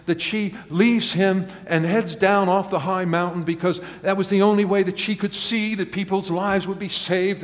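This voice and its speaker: A male pastor preaching a sermon, telling stories animatedly with acted quotes and chuckles. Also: sits high. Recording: long reverb of a large hall.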